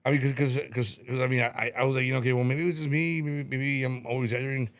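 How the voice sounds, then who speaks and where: A man's voice: medium pitch, steady tone, very fast. A middle-aged man telling stories in casual podcast chat, repeating words, swearing and laughing as he rambles. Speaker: podcast guest.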